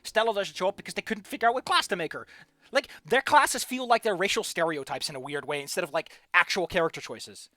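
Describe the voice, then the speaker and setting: A streamer who didn't grow up with English talks at a quick pace in an animated, medium-pitched voice with no room sound. Chatty and joking at their own expense over a game with faint music, they shift between loud bursts and mumbles.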